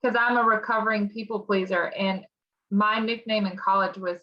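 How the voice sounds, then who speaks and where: A woman's voice: mid-range voice, steady tone, moderate pace, dull audio. A woman co-hosting a group call, chatting in a bubbly, self-mocking way. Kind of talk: casual chat.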